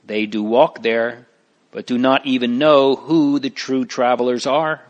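A man's voice: mid-range voice, fairly even intonation, measured pace, muffled recording, lightly acted. A man voicing a solemn, thoughtful male pilgrim in a storybook. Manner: solemn, reflective.

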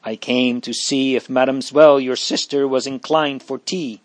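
A man's voice: mid-range voice, steady tone, moderate pace, dry recording, close to an everyday voice. A man voicing a polite, formal village minister, in a dry recording. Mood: courteous.

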